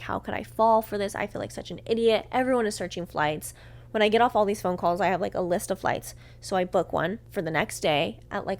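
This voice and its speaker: A young woman hosting a podcast, telling a heated personal story, swearing often and acting out what others said. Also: medium pitch. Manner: heated, swears a lot, acts out quotes. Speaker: podcast host. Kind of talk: storytime monologue.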